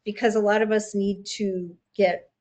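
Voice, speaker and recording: A woman's voice: medium pitch, level tone, normal speed, darkish tone. A woman moderating an online support group, speaking in a friendly, encouraging way while sounding tired. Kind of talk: casual video call chat. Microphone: video call.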